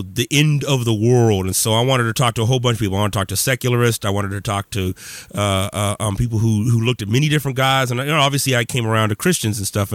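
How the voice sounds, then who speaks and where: A male podcast host with a mid-range voice, recorded close and dry with no room sound. He talks in an animated, chatty way and presses his guest to explain himself. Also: mid-range voice, no echo. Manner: animated, prodding, says "man" often. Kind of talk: casual podcast interview.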